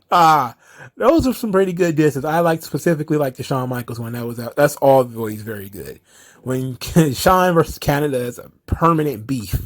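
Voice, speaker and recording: A man hosting a casual solo wrestling commentary show, ranting sarcastically and cursing often. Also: a little high.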